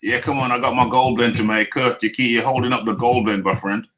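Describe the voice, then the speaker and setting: A man's voice: mid-range voice, steady tone, fairly quick, bright, forceful tone, soft background music. A British man hosting a live boxing talk stream, joking and teasing his viewers in a loose, repetitive chat. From United Kingdom. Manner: jokey, teasing, chatty with viewers; laughs often, repeats phrases. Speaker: boxing talk show host.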